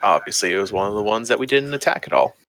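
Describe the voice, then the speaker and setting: A man playing a tabletop game, explaining quickly and sounding exasperated. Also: on the low side, lively intonation, a bit bright. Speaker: player. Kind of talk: tabletop game play over voice chat.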